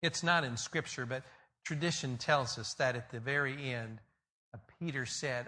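A male pastor preaching a sermon, telling the story in an animated way and swinging between loud peaks and quiet passages. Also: medium pitch, normal speed.

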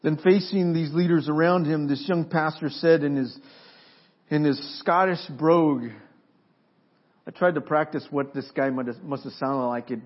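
A man preaching a sermon as pastor, pausing for effect and building to forceful emphasis. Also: on the high side. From Mexico. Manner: preaching with dramatic pauses and rising emphasis. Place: church sanctuary. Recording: dull lo-fi sermon recording.

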